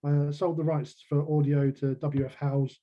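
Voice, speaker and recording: A man's voice: on the high side, little pitch movement, measured pace, mellow, muffled recording. A man, a crime novelist, chatting as a guest on a video call and laughing at his own jokes. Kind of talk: casual video-call chat.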